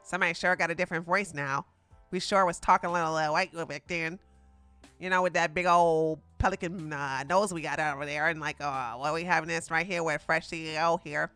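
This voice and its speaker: A woman's voice: low-pitched, fairly even intonation, fairly quick, sharp tone, no room sound, soft background music. A streamer, likely a woman, giving rambling, mocking reaction commentary.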